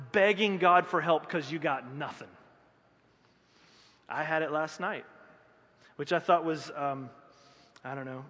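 A man's voice: on the high side, pushed and bright. A man preaching a sermon as pastor, conversational and self-deprecating, with joking acted asides. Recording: echoey hall.

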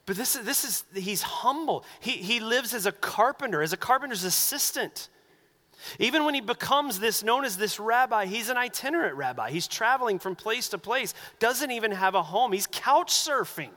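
A man preaching a sermon as pastor, animated and acting out the voices he quotes. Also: high voice, normal speed, long reverb tail.

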